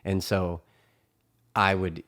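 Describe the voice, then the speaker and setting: Lower-voiced man rambling through a story. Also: level tone, slow pace, fairly bright tone. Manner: profane, rambling, full of fillers. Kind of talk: casual storytelling.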